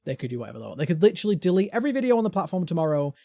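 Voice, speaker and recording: A British man hosts a casual gaming podcast, ranting about platforms with lively, swooping intonation. His voice sits slightly high, and the recording is close and dry with no room sound. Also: rapid-fire, vocal fry, dry recording. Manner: animated ranting, mimics voices. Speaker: podcast host.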